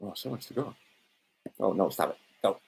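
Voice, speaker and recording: This man hosts a livestream in a meandering, blunt style, sometimes swearing and murmuring to himself while scrolling through documents. His fairly low voice is animated, gravelly and a little mellow, at normal speed, with slight background noise.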